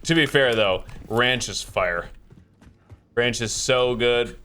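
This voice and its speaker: A man's voice: mid-range voice, slow, bright, forceful tone, slight background noise. A young man chatting casually on a gaming stream, laid-back and jokey, laughing often.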